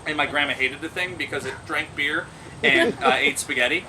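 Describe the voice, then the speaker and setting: An animated man tells funny stories in a high, bright voice, laughing often and acting out the voices of the people he quotes. He sounds set back from the microphone, with air conditioning humming clearly behind him. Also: brisk, far from the mic, background noise. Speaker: pet monkey owner. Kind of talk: casual storytelling.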